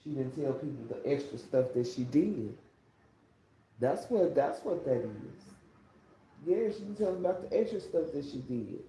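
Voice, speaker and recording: A man's voice: mid-range voice, expressive, normal speed, mellow. A man ranting on a casual livestream. He rambles, swears a lot and repeats himself, speaking into a phone. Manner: rambling, profane, repetitive. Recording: echoey room.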